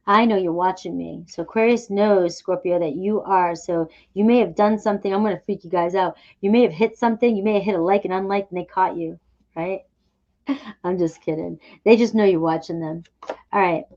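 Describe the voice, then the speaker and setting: A woman's voice: medium pitch, a little fast, mellow, highs cut off. Upbeat woman giving a tarot reading. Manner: chatty, upbeat, reassuring, often asks "okay?". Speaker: tarot reader.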